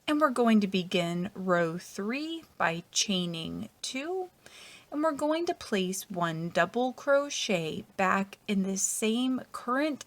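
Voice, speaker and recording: Slow, patient woman teaching crochet. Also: mid-range voice. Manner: slow, patient and methodical, trailing off softly at line ends. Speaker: crochet instructor. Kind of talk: step-by-step tutorial narration.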